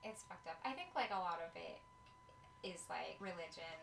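A woman's voice: on the low side, expressive, normal speed, creaky, fairly bright tone, distant mic, a little hiss or hum. Casual co-host: American woman, chatty, full of fillers, set back from the mic in a roomy space. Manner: chatty, filler-heavy, swearing. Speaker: podcast co-host. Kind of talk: casual chat. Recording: echoey room, off-mic with faint ambience.

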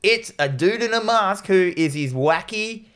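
A man's voice: high-pitched, lively intonation, a little slow, a bit bright, clean tone. A man co-hosting a podcast, recapping a film in casual chat with rambling, jokey asides and mock voices. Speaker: podcast co-host.

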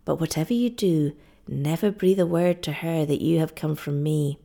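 A woman's voice: low voice, normal speed, creaky, mellow. A woman reading aloud and voicing a grave, earnest young island husband who pleads in earnest.

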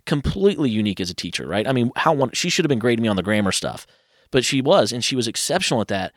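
A man in his thirties, a guest telling personal stories in a lively, casual way, acting out what others said. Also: medium pitch, dry recording, studio quality. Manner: animated, quotes others in quick asides. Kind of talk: casual storytelling.

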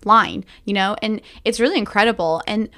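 A woman's voice: medium pitch, moderate pace, pushed and bright. A woman co-hosting a podcast, giving frank opinions in casual conversation about a TV show. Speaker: podcast co-host. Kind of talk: casual review chat.

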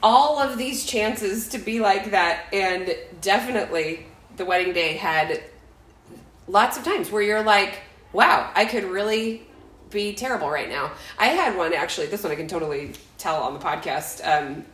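A woman's voice: medium pitch, moderate pace, fairly bright tone, echoey room, rough recording. A woman in her forties co-hosting a podcast, telling a story in a rambling, self-interrupting way with frequent laughs. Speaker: podcast co-host. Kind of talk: casual chat, storytelling.

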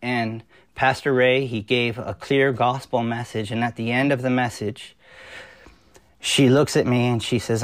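A pastor in his forties tells his life story as a podcast guest, earnest and unpolished, stopping often on fillers and restarting his sentences. His voice sits at an ordinary middle pitch for a man, and it is recorded close and dry with no room sound. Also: steady tone, moderate pace, no echo. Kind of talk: personal testimony in a podcast interview.

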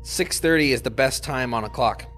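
A man's voice: mid-range voice, normal speed, fairly bright tone, faint music behind. A young man co-hosting a casual podcast, goofy and joking, with hiccups. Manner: goofy, joking, laughs at own bits. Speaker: podcast co-host. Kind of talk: casual chat.

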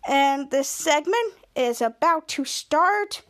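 A high-pitched woman hosting a casual podcast. She retells a TV episode with excitement and jumps into the characters' lines as she goes. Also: slow pace. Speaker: podcast host.

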